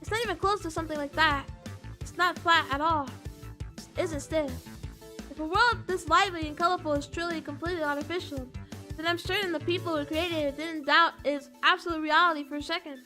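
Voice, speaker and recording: A woman's voice: very high voice, fairly even intonation, fairly quick, bright, forceful tone, soft background music. A woman reading first-person narration as a dazed, overwhelmed teenage girl. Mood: wistful.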